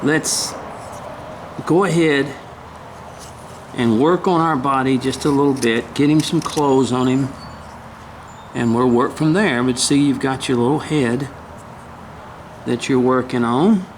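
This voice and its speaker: Here a woodcarving instructor teaches in an easygoing, step-by-step manner, chatting folksily and humming and muttering as he works. His mid-range voice keeps a steady tone at a measured pace, pausing often, over slight background noise.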